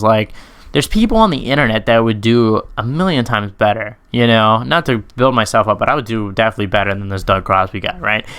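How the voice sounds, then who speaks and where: A YouTube MMA commentator rambles through audience questions in a casual, unscripted monologue, swearing freely, correcting himself, and filling pauses with "um" and "like." His lowish voice is bright, smooth, and ringing with clarity.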